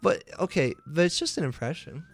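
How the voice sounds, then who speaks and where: A man's voice: a little high, expressive, fairly quick, music in the background. A man co-hosting a podcast in casual chat, playful and teasing. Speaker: podcast co-host.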